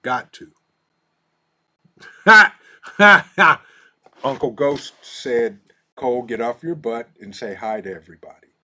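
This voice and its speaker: A man with a medium-pitched voice speaks unhurriedly, leaving long pauses, while hosting a casual live stream. He reads out viewer comments, laughs easily and often, and gently coaxes his dog in a soft, easygoing manner.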